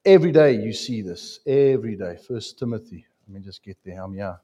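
Man, preacher, sermon, mellow dark tone, emphatic, rhetorical questions. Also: on the low side, lively intonation, brisk. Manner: emphatic, repeats phrases, asks the congregation questions.

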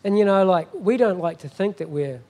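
High-pitched middle-aged guy preaching a sermon, emphatic, keeps asking amen. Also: expressive, fairly quick, warm tone. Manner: emphatic, asks the congregation "Amen?" often. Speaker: guest pastor.

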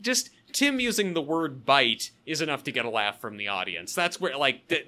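A man's voice: medium pitch, sing-song, normal speed, sharp tone. A man co-hosting a podcast, chatting about a sitcom episode with sarcastic asides. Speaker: podcast co-host. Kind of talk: casual episode recap chat.

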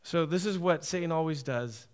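A man's voice: on the high side, moderate pace, a little mellow. A man preaching a sermon, emphatic and repetitive, often asking "right?".

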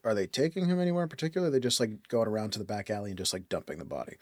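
A man's voice: on the low side, very fast, no room sound, clean studio sound. A man playing a tabletop game, chatting casually and asking lots of questions in a joking way. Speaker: player.

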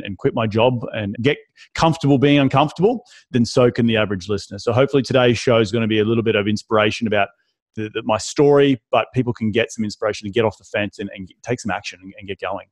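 A man's voice: on the low side, quick pace, no room sound. An Australian man in his thirties, telling his story as a podcast guest in a casual, chatty way with frequent restarts.

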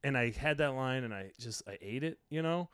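A man's voice: medium pitch, brisk, clear, resonant tone, no echo. Profane storytelling man, dry sound. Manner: animated, profane, acts out other people's voices. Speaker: comedian and podcast host. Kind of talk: casual storytelling chat.

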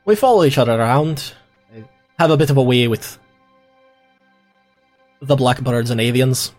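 Guy doing a scottish brogue gothic wanderer lady with crow friends, calm and wistful, a bit higher than his usual. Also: moderate pace, soft background music, lightly acted. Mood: friendly. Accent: put-on heavy Scottish brogue. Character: pale gothic wandering woman who befriends crows. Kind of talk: tabletop role-play character voice.

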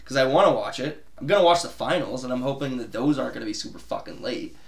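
A man co-hosts a casual sports podcast, telling his stories with real gusto and acting out what others said. He swears freely, and his mid-pitched voice bounces around a noticeably echoey room. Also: quick pace, creaky. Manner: animated storyteller, swears freely, acts out quotes. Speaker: podcast co-host.

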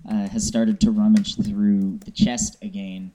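A man narrating a tabletop game as game master, describing scenes with halting fillers. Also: fairly low pitch, flat delivery, warm tone. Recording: echoey room with faint noise.

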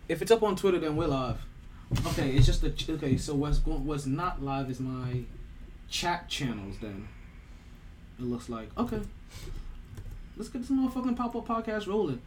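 A man's voice: on the high side, expressive, moderate pace, pauses often, background noise. Hyped, profane podcast host guy. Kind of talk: casual podcast chat.

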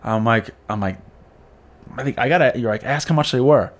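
A man's voice: mid-range voice, brisk. A man co-hosting a podcast in casual chat, telling a story with a New York accent and acting out what people said. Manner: animated storyteller, acts out quotes. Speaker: podcast co-host.

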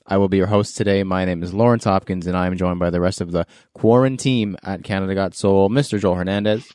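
A man's voice: sits low, steady tone, quick pace, a little mellow, no echo. Laughing, joking male podcast host. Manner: laughs often, loose and joking. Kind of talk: casual podcast chat.

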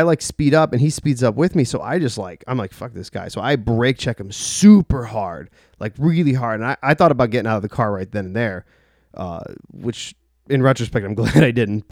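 A man's voice: mid-range voice, dry recording, studio quality. A young man telling a personal story in a casual, rambling way, full of filler words and swearing. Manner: rambling, heavy use of "like", profane.

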